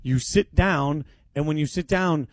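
An excitable man in his forties bantering on sports radio, his voice sitting a bit high. He pitches ideas with eager energy into a studio mic. The sound is dry and close. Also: unhurried, no room sound. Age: 40s.

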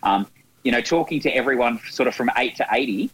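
A man's voice: medium pitch, expressive, brisk, a bit bright, breathy edge, rough recording. An Australian man in his thirties, a radio presenter, eagerly reminiscing in an interview and often restarting his sentences. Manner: eager, many restarts and repeated words.

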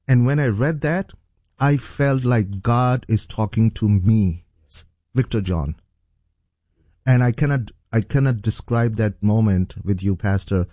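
A middle-aged pastor tells his testimony in an earnest, halting way, full of fillers and restarts. His voice sits low and mellow. The recording is dry, with no room echo. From Pakistan. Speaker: pastor and guest. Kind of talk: telling a personal testimony.

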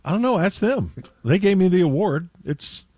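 A man's voice: high voice, animated, moderate pace, darkish tone, dry recording. Man boasting in mock pride. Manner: dry, mock-proud boasting. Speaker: radio panelist. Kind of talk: casual sports radio banter.

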